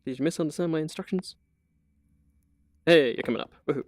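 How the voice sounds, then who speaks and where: A man's voice: on the high side, brisk, no room sound. A man giving a casual, chatty live-stream tour of a virtual apartment he built, with lots of fillers and frequent laughs. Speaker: community manager giving a VR tour.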